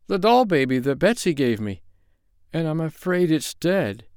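A man voicing a forlorn, timid scarecrow with a high, pleading voice in a storybook reading. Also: sing-song, normal speed, clear, resonant tone, dry recording, studio quality. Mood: anxious.

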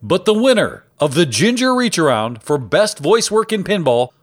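A man's voice: high-pitched, big pitch swings, moderate pace. A man co-hosting a pinball podcast's mock awards show with a playful salesman tone. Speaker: podcast co-host.

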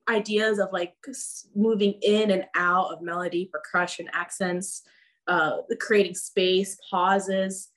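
Woman, dance teacher guest, casual and chatty, average pitch, fillers galore. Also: little pitch movement, slow pace, fairly bright tone. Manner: chatty, many "like" fillers, laughs often. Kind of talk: casual podcast chat.

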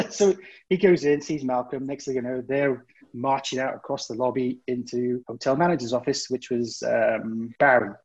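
A man's voice: medium pitch, normal speed, breathy edge, muffled recording. A man from Britain casually telling a profane cruise-crew story, acting out the voices of coworkers. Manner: lively, profane, acts out voices of others. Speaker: storyteller among former cruise ship crew.

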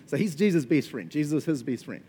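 A man preaching a casual, conversational sermon, animated and chatty, often checking in with his listeners. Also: on the high side, quick pace, slight background noise. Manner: animated and chatty, frequent laughs and "right?" check-ins.

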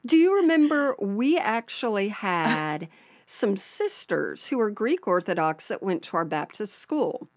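In a sing-song, mid-range voice and a slightly slow pace, this podcast co-host from the American South tells a listener's story casually, with frequent laughter. The recording is dry and studio quality.

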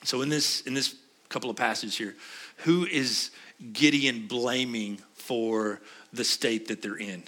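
A man's voice: medium pitch, unhurried, pushed and bright. A middle-aged man preaching a sermon as a pastor, conversational and often asking his listeners questions. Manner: conversational, asks the congregation questions.

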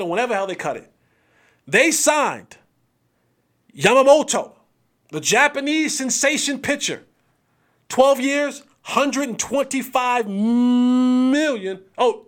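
A man hosting a sports podcast in casual, animated talk, full of slang, trash talk and drawn-out hype calls. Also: very high-pitched.

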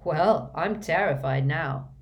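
A woman's voice: medium pitch, animated, moderate pace, muffled recording, voice pushed up, close to an everyday voice. A woman voicing a defiant teenage boy who answers with fierce sarcasm. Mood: sarcastic defiance.

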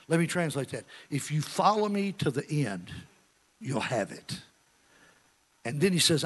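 Animated preacher man, storytelling. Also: medium pitch, moderate pace, breathy edge. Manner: animated, acts out voices, swings from hushed to shouting. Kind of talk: storytelling sermon.

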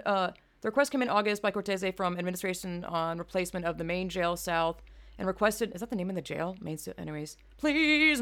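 A woman's voice: lowish voice, vocal fry. A woman from the American South, ranting in a casual, profane, rambling way, full of fillers. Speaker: vlogger. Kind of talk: casual rant to camera. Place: home in California.

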